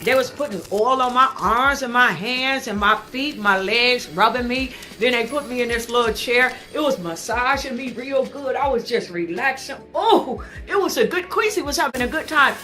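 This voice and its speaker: A woman telling a comic story in a brash, boastful, animated way. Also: fairly high pitch, normal speed, hardly any pauses. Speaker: comedic storyteller.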